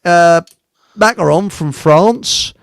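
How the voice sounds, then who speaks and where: Jokey rambling man, higher voice. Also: very slow, creaky, clear, resonant tone, no room sound. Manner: rambling and jokey, laughs at his own jokes, many fillers. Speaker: host of a live online show. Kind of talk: casual chat.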